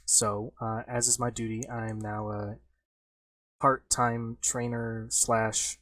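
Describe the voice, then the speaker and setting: A man's voice: mid-range voice, level tone, slow, a bit bright, no room sound. A man voicing a tired former militia chairwoman who talks dry and matter-of-fact. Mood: weary.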